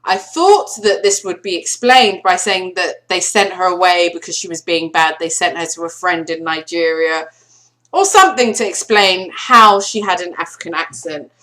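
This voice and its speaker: A woman giving a casual film review vlog, animated and sarcastic, leaning hard on her emphasis. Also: on the low side, normal speed.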